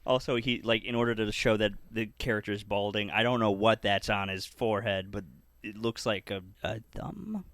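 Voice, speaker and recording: A man co-hosting a podcast, chatting casually and reacting with quick jokes. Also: on the low side, level tone, a bit bright, no room sound. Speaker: podcast co-host. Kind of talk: casual chat.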